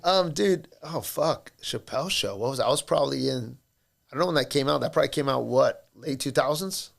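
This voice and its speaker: A man's voice: mid-range voice, a little fast, gravelly. A man in his thirties, a podcast guest in a studio, talking in a rambling, profane, joking way. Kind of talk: casual podcast chat.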